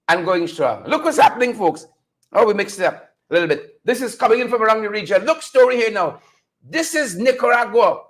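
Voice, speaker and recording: A man's voice: sits high, a bit bright. A man hosting a solo political commentary show, talking straight to his audience, repeating phrases and mocking the people in the news. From Guyana. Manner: mocking, playful, laughs.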